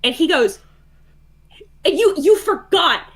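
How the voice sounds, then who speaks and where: A woman's voice: extremely high pitch, big pitch swings, takes it slowly, a bit bright. A woman on a voice call telling a story in a casual, heated way, swearing a lot and laughing as she goes. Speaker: guest caller.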